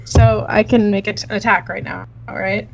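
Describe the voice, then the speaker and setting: A woman's voice: mid-range voice, steady tone, a little slow, creaky, slight background noise. A woman playing in a tabletop game, curious and asking many questions. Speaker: player. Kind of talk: casual tabletop game chat. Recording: muffled, dull mic.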